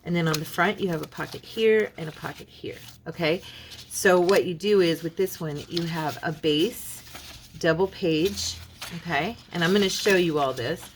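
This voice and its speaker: A woman with a fairly low voice walks viewers through a paper craft project in a relaxed, chatty way. She keeps checking in with "okay" as she folds and shows each piece, with a faint hiss behind her. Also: moderate pace. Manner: chatty, many "okay"s, talks while folding and showing paper. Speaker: craft video host. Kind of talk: casual craft tutorial.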